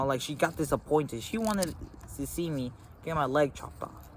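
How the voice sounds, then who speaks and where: A teenage boy telling a story to a phone camera beside a road, halting and full of fillers. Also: mid-range voice. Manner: rambling, halting, with frequent fillers. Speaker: vlogger. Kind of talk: casual storytelling. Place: outdoors by a road. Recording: faint traffic noise outdoors.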